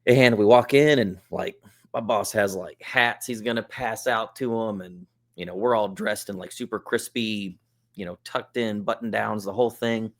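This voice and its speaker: Guy with a lowish voice, podcast guest, laid-back chatty storytelling, lots of likes and uhs. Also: normal speed. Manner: relaxed, chatty, with lots of fillers like "like" and "uh". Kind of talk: casual storytelling.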